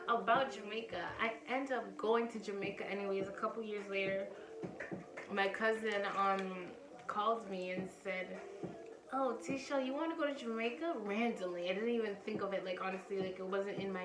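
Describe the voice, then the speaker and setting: A young woman vlogger casually telling a personal story to the camera, candid and chatty. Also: medium pitch. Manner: candid, chatty, acts out other people's lines. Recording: roomy, distant from mic, background noise.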